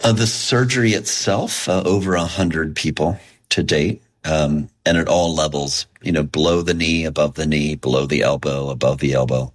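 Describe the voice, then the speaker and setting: A male researcher answering interview questions in a measured, explanatory way. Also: very deep voice, steady tone. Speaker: researcher guest.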